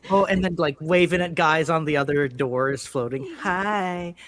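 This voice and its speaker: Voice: mid-range voice, moderate pace, a bit bright. A musician guest on a video call, chatting in a rambling, self-deprecating way. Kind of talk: casual chat.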